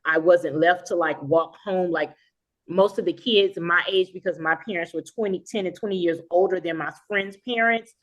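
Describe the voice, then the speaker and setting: A woman's voice: lowish voice, moderate pace. A woman co-hosting a podcast who responds sympathetically and chats casually about her own upbringing. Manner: sympathetic, conversational. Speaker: podcast co-host. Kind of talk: casual conversation. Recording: dull lo-fi sound.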